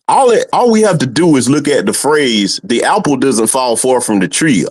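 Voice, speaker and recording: Male caller, forceful lecturing tone, mid-pitched voice. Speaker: caller on a roundtable. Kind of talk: live stream call-in.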